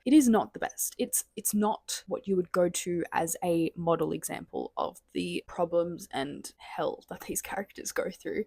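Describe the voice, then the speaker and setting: A young woman, chatting excitedly at home in a casual reading vlog, often dropping into whispers, recorded on her camera's built-in mic. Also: on the low side, creaky, dry recording. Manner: excitable, gushing, drops into whispers. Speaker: book vlogger. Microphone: camera mic, no external microphone.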